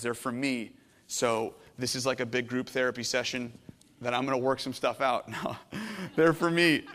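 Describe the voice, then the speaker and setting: A middle-aged man preaching a sermon as a pastor, earnest and emotional, swinging from hushed to intense. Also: medium pitch, in a large hall. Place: church sanctuary.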